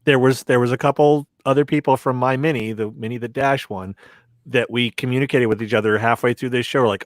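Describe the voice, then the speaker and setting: Chatty man, mid pitch, quick interjections, dry sound. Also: no room sound. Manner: chimes in with quick agreements and questions. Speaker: podcast guest commentator. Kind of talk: casual chat.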